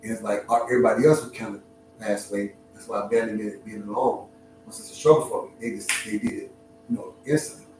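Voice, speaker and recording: A middle-aged man streaming live and telling a heartfelt personal story in an emotional, reflective way, often pausing and restarting his sentences. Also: lowish voice. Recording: very echoey room, distant mic, music behind.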